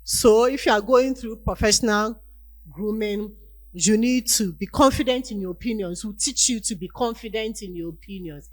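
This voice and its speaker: A woman's voice: medium pitch, normal speed, darkish tone, dry recording, poor audio. A woman giving a university lecture on leadership, acting out everyday scenes and asking the class rhetorical questions.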